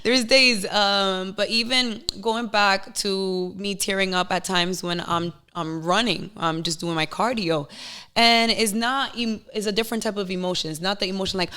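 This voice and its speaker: A young woman guest in a casual podcast chat, telling candid, emotional stories in an animated way. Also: mid-range voice, normal speed, clean tone.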